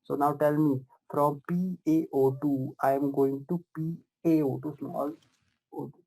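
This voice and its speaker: Gravelly, mellow-voiced male lecturer. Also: a little high, steady tone, measured pace, soft background music, rough recording. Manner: repetitive questioning, addresses students warmly as "my dears" and "guys"; frequent fillers and self-corrections. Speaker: pathology teacher. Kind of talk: live online lecture.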